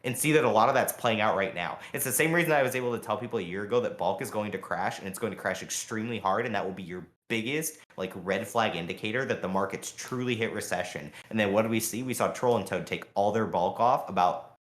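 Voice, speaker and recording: A man co-hosting a podcast, talking fast and heatedly in a long rambling rant full of fillers. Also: on the low side, a bit bright, roomy sound. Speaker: podcast co-host. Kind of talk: casual podcast chat.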